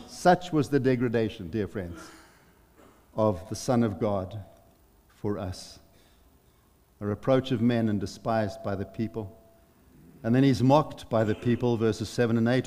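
A middle-aged man preaching a sermon as a pastor, calling his listeners friends and swinging from loud exclamations to hushed, near-whispered lines. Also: medium pitch, normal speed, big-room sound. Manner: addresses the congregation as friends. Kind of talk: expository sermon.

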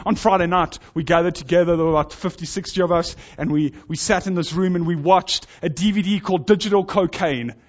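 Earnest high-voiced preacher, dull lo-fi sound. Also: male voice, brisk, few pauses. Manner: earnest, urging, builds in intensity. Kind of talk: sermon.

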